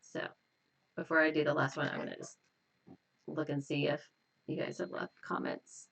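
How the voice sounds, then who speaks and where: A woman hypnotist at home, hosting a live stream and slowly leading repetitive guided tapping affirmations. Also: low-pitched, little pitch movement, vocal fry, slightly rough, distant mic. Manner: slow, repetitive, gently affirming.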